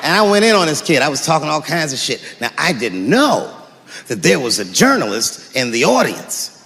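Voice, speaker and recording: A man doing stand-up comedy, telling stories in an animated way and slipping into character voices. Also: fairly high pitch, normal speed, vocal fry, slight background noise. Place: live stage before an audience. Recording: live hall recording with crowd ambience.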